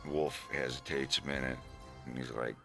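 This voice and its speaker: A man's voice: very deep voice, fairly even intonation, moderate pace, music in the background. A man streaming, casually retelling a story scene with fillers and giggles. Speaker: streamer narrating his animation script.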